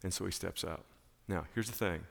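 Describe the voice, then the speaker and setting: A male pastor preaching a sermon in church, emphatic and animated, repeating key phrases. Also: deep voice, normal speed, gravelly, long reverb tail.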